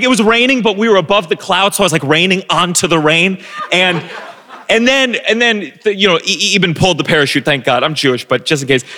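A man telling a self-deprecating personal story on a live stage, animated, with stumbling restarts. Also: high voice, big-room sound, slight background noise. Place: live stage before an audience.

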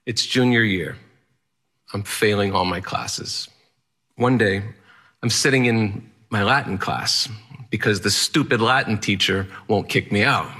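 Bright-voiced man telling a personal story. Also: fairly low pitch, a little slow, husky. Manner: earnest, plainspoken, wry. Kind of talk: first-person storytelling talk.

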